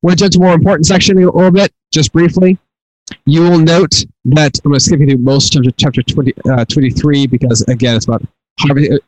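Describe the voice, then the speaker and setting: A middle-aged man gives an earnest Torah lesson, circling back to repeat his words as he works through the text. His voice sits a little high, recorded close and dry with no room sound. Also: fairly even intonation, fast talker, a little mellow, dry recording, rough recording. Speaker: Bible teacher. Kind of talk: Torah teaching.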